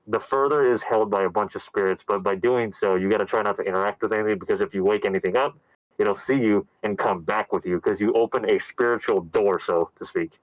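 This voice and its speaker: A man casually recapping a horror movie on a podcast, telling the story with lively put-on voices. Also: dry recording, poor audio. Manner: animated storyteller, acts out characters in loud high voices. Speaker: podcast co-host.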